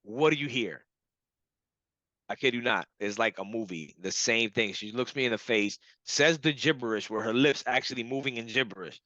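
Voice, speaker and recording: A young adult man, a client of a hypnotherapist, telling a casual story with animated laughter and acted-out quotes. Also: medium pitch, normal speed, no room sound, lo-fi sound.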